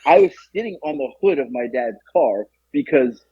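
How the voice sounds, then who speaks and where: A young man co-hosting a podcast, telling a story in a casual, animated way and acting out the quotes. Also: moderate pace, breathy edge, dry recording. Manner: animated, acts out quotes with jumps in pitch. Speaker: podcast co-host. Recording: dull lo-fi, dry.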